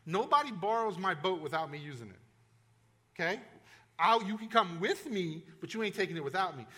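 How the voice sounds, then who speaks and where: High, bright-voiced preacher. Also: male voice, lively intonation, brisk. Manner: conversational and emphatic, many restarts and asides. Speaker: pastor. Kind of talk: sermon.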